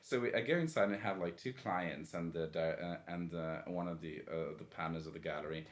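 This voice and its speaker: A man talking as a guest in a casual interview, telling stories in an animated way and swearing freely. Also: low voice, a little fast. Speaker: design guest.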